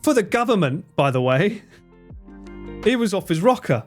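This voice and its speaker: English male streamer, fairly high and very animated, sweary and jokey. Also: moderate pace, faint music behind. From England. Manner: animated, swears freely and laughs often. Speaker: live streamer. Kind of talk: casual live-stream chat while gaming.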